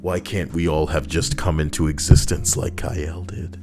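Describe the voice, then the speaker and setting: A man's voice: extremely low pitch, moderate pace. A man streaming casually, reading stories aloud and joking sarcastically with his chat. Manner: animated, sarcastic, jokes with chat. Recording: soft background music.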